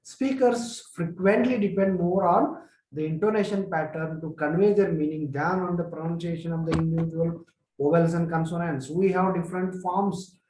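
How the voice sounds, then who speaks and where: A man giving a spoken lesson, explaining patiently, repeating his examples slowly with many fillers. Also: a little high, a little mellow, echoey room, a little hiss or hum, rough recording. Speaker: English lecturer.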